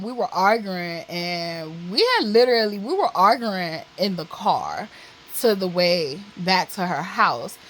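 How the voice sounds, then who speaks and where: A woman talks straight to the camera in a blunt, profane vlog, with her speech full of "like" and "literally." Her voice sits at a middle pitch. A faint hiss of background noise runs under the recording. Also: fairly bright tone, rough recording. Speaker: vlogger. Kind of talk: candid personal storytelling.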